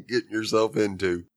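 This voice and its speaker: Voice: mid-range voice, darkish tone, no echo. A podcast co-host in casual chat about a show, laughing often and giving short agreeing replies.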